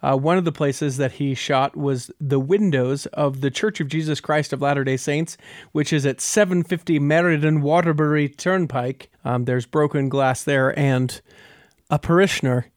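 A man's voice: mid-range voice, moderate pace, no echo. Dry-voiced talkative male podcast host. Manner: talks things through step by step, with many filler words. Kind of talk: casual podcast chat.

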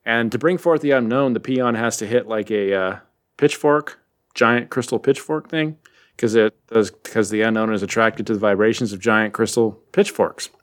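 A man's voice: lowish voice, moderate pace. A man co-hosting a podcast, casually recapping a comic with jokes and rambling asides. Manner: joking, rambling. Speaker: podcast co-host.

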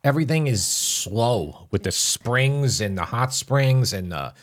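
A man's voice: mid-range voice, animated, measured pace. Wry man with a New York accent. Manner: wry, joking. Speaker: podcast co-host. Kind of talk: casual chat.

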